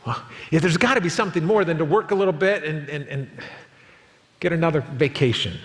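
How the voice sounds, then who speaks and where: A man in his fifties preaching a sermon as pastor, telling a story with lively acted quotes. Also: a little high, brisk, in a large hall. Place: church auditorium.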